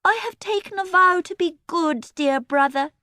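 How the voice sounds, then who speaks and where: A woman reading a storybook, voicing a bossy young girl turned pious, in a sweet, cooing, high-pitched voice. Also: moderate pace, bright, forceful tone, dry recording, clean studio sound.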